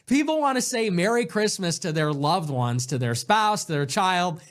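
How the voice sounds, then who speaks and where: A man hosting his own show in a casual monologue, animated and sarcastic, jumping between loud bursts and low mutters. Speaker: show host.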